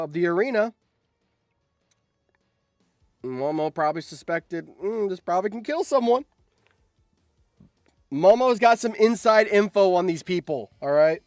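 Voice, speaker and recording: A man streaming live, reacting excitedly and yelling in surprise on a close mic. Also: fairly high pitch, clean tone, no room sound. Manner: excitable, yells in surprise, laughs often.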